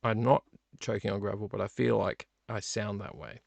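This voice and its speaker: Brief: middle-aged man, gravelly, rambling live-stream host, dry close sound. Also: on the low side, flat delivery, normal speed, darkish tone, dry recording. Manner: rambling, chatty, self-deprecating. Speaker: vlog host. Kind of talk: casual live-stream chat. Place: home studio room.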